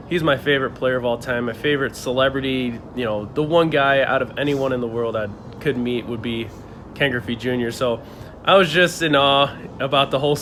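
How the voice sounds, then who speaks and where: A young man telling an animated story. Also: mid-range voice, slight background noise. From Buffalo, New York area. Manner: animated, laughs often, acts out quoted lines with a raised voice. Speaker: channel host telling a story. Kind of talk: casual storytelling to camera.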